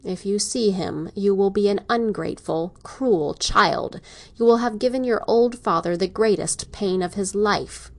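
A woman's voice: mid-range voice, unhurried. A woman reading the part of a domineering older male doctor in an audiobook, speaking in a dry, coolly sarcastic way. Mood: stern.

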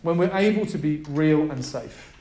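High-voiced man preaching in an echoey room. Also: moderate pace. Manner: emphatic, energetic preaching with audience prompts. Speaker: pastor. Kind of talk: sermon to a live group. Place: room with a gathered group.

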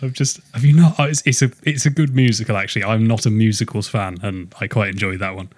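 A man co-hosting a casual podcast, joking around and getting animated when excited. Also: quick pace, no room sound, studio quality. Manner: jokey, animated, rising pitch when excited. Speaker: podcast host.

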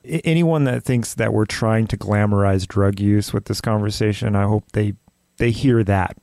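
A man's voice: on the low side, normal speed, gravelly, warm tone, no echo, studio quality. A man hosting a podcast interview, reflecting on and summing up his guest's story. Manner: reflective, sums up the guest's points. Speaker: podcast host. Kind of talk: interview conversation.

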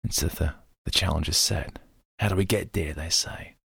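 Low, raspy man; loose, meandering storyteller, gravelly edge. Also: normal speed, fairly bright tone, no room sound, studio quality. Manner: rambling, loose storytelling with many fillers. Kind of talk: casual retelling of a film scene.

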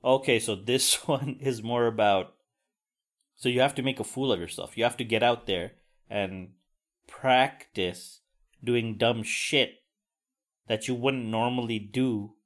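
A man's voice: medium pitch, unhurried, fairly bright tone. A man hosting a solo podcast, talking casually with frequent swearing and self-deprecating asides. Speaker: podcast host.

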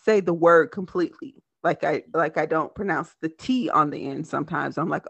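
A woman podcast host with a lisp, talking fast in casual, animated chat. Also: on the low side, gravelly, breathy edge, no echo, highs cut off. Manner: talks fast, animated and laughing.

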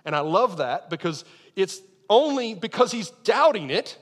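An earnest male pastor delivers a sermon, slowing for emphasis and leaning into his key lines. His voice sits a little high and swings widely in pitch. The sound carries a long reverb from a large hall. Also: very animated, fairly bright tone. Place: church sanctuary.

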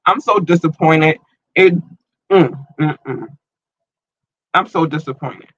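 A man hosting a podcast and online radio show, rambling casually and slangily through listener shout-outs while his eye is irritated and tearing up. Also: fairly high pitch, takes it slowly, dry recording, highs cut off. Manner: loose, rambling, slangy, repeats himself.

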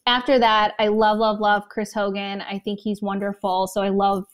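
A woman's voice: medium pitch, flat delivery. Emotional woman guest near tears. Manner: emotional, talks in quick bursts. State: close to tears. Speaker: podcast guest. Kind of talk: personal story in an interview.

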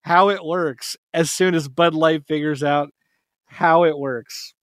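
Male podcast host, fairly high voice, dry close sound, upbeat, laughs easily. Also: steady tone, slow, fairly bright tone, dry recording. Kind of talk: casual sports podcast chat.

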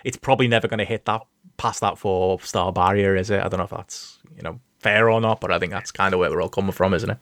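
A man's voice: sits low, fairly even intonation, quick pace, a bit bright, dry recording. A man co-hosting a casual podcast, wry and fond of tag questions that seek agreement. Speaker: podcast co-host. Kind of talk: casual wrestling review chat.

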